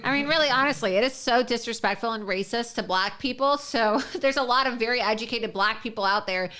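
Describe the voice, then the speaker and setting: A woman's voice: on the high side, a little fast, sharp tone. A woman political commentator speaking in a sarcastic, scornful way and laughing between her remarks. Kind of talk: opinionated commentary.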